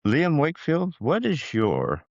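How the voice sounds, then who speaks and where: A man's voice: fairly high pitch, huge pitch swings, a little slow, no echo, highs cut off. A man hosting a podcast, introducing his guest in an upbeat, chatty way. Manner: upbeat and enthusiastic. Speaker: podcast host. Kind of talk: casual interview chat.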